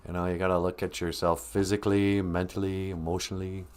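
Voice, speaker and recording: A man's voice: deep voice, flat delivery, fast, darkish tone, smooth. A middle-aged man, hosting a casual livestream podcast, joking with viewers and slipping into silly voices. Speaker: podcast host.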